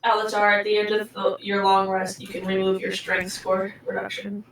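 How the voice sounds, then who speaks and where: A woman narrating as game master of a tabletop game, giggly and quick to apologize. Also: medium pitch, completely flat delivery, a bit bright, far from the mic, a little hiss or hum. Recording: echoey room, off-mic.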